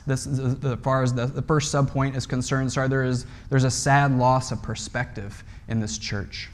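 A pastor preaches a sermon conversationally, explaining a passage while frequently checking in with "right?" and restarting his phrases. His voice is medium in pitch.

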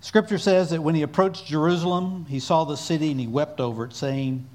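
A man's voice: fairly high pitch, a little fast, a little mellow. A man preaching a sermon in an earnest, exhorting way, calling on his listeners to repeat lines after him.

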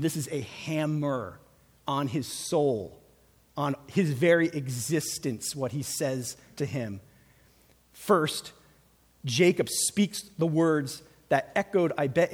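A man preaching a sermon in an animated way, dropping to hushed lines and rising to loud exclamations. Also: a little high, big-room sound. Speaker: pastor.

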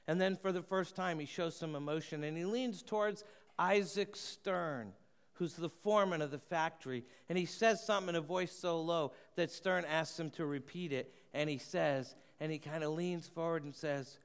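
An earnest pastor preaches to his congregation. His voice is smooth and resonant, sitting a little high for a man. He often slows and lets his voice fall quiet to press a point home. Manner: earnest, slows and softens for emphasis. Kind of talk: sermon.

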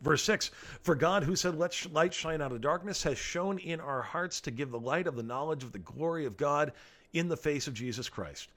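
A man's voice: a little high, normal speed, fairly bright tone. A man preaching a sermon, reading scripture aloud and explaining it in an earnest, emphatic way, often repeating key phrases.

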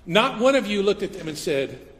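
A male pastor delivers a sermon in a relaxed, conversational style, now and then slipping into quick acted-out voices. His voice sits notably high for a man. It rings out with the long reverb of a large hall. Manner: conversational, animated, acts out little quoted voices.

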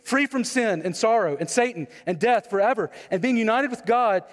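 A man's voice: high voice, moderate pace. Guy preaching a sermon, chatty, keeps asking the crowd "right?", big echoey church. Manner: conversational, asks the congregation questions. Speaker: pastor. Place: church sanctuary. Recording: long hall reverb.

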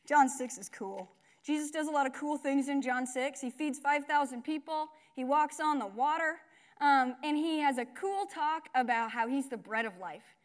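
A young woman gives a relaxed, chatty sermon, full of fillers, asides and quick self-corrections. Her voice sits high. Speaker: speaker at a church gathering. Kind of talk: casual sermon.

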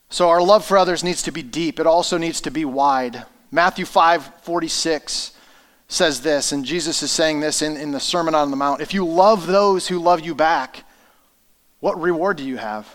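A man's voice: fairly high pitch, fairly bright tone. A man in his thirties preaching a sermon, telling a personal family story in an earnest, conversational way. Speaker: pastor.

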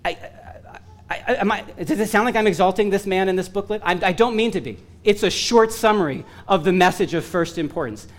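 Earnest preacher man, voice going hoarse. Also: sits high, brisk. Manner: earnest and emphatic, with self-deprecating humor. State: losing his voice. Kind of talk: sermon.

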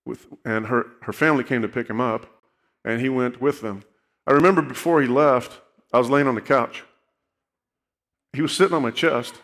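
A man at middle pitch telling a personal testimony from a church stage. He speaks earnestly and keeps checking in with his listeners. A long reverb from the big hall hangs on his words. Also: a bit bright. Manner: earnest storytelling, checks in with "okay?". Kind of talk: sermon testimony.

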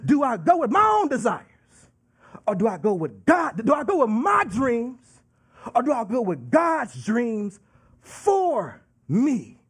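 A man preaching a sermon with emphatic, drawn-out delivery and call-and-response asides. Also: extremely high pitch, wildly swooping pitch, breathy edge.

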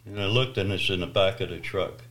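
A man telling his personal testimony story, swinging from loud emphasis to hushed near-whispers. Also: deep voice, a little fast.

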